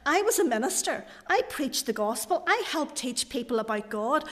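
A woman's voice: high voice, very animated, normal speed, fairly bright tone. A woman voicing a male minister who protests that he is owed more, in a spoken parable. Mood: indignant. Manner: protesting, put-out. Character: indignant male minister outraged at his wee shack. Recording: church hall reverb.

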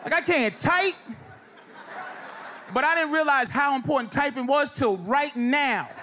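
A man doing a loud, animated stand-up set, jumping into shouted put-on voices. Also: extremely high pitch, unhurried. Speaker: stand-up comedian. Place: comedy club stage before a laughing crowd. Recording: live club recording, loud crowd and noise. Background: audience laughter.

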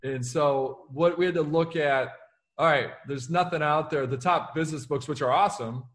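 Pitched fairly high and speaking at normal speed, this author and keynote speaker from the United States delivers punchy, motivational interview answers and acts out the quotes he cites.

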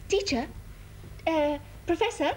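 A woman on a studio panel game, eagerly shouting out rapid charades guesses. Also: sits high, a little hiss or hum, low-quality recording.

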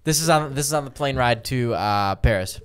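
A man's voice: medium pitch, brisk, clean tone. A young man co-hosting a podcast, laughing through his stories, swearing a lot and acting out the people he quotes. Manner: laughing storyteller, heavy swearing, animated quoted voices. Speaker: podcast co-host. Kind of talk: casual podcast chat.

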